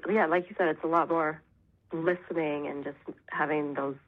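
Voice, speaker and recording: A woman's voice: low-pitched, steady tone, moderate pace. A woman calling in to a coaching show, hesitant and agreeable as she answers. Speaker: caller, coach in training. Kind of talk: phone call-in conversation. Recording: dull lo-fi phone line.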